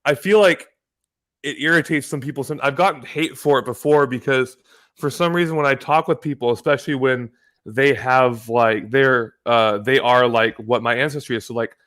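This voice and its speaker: A man's voice: mid-range voice, moderate pace, fairly bright tone. A man from the United States, a guest on the show, talking in a rambling casual way, swearing freely and often restarting his sentences. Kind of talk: casual chat. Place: home in California.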